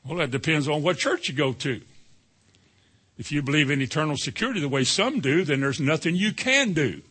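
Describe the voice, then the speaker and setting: A man preaching a sermon in a folksy, animated way, breaking into sudden high exclamations. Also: a little fast, slightly rough. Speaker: pastor.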